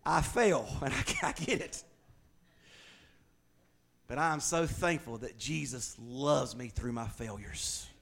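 A man's voice: medium pitch, animated, slow, vocal fry, pauses often. A middle-aged male pastor preaching a sermon in a conversational way, joking, then pressing his points hard. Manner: conversational preaching with humor and sudden loud emphasis.

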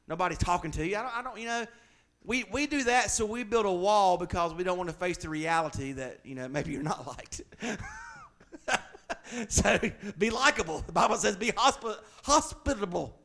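A middle-aged man preaching to his congregation, his voice sitting a little higher than most men's. He speaks casually and jokes, then leans hard on his points with loud bursts. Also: animated, quick pace. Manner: conversational preaching with humor and sudden loud emphasis. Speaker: pastor. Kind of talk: sermon.

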